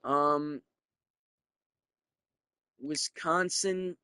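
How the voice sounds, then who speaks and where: A young man giving casual, profane commentary while playing a video game, thinking out loud and getting excited. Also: fairly high pitch, drawn-out words, clean tone, no room sound. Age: young adult.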